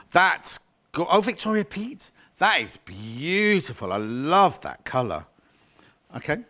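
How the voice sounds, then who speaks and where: A middle-aged man hosts a live home-shopping show about fabrics. His voice sits a little high and swings widely in pitch as he gushes over each print. He chats freely and drops jokey asides. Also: very animated, slow, sharp tone. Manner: chatty, gushing, jokey asides. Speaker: shopping channel presenter.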